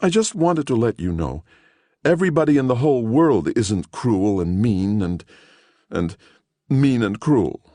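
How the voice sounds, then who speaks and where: A man's voice: mid-range voice, big pitch swings, a little slow, mellow, dry recording, studio quality, voice pushed up. A man reading an audiobook, voicing an earnest, kindly woman in her fifties with a fussy, pitying manner.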